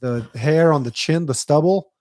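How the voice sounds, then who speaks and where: A man's voice: on the high side, normal speed, a little mellow, no room sound, studio quality. A young man hosting a podcast, telling rambling stories in casual chat, swearing and acting out what people said. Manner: rambling storyteller, swearing, acts out quotes. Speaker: podcast host.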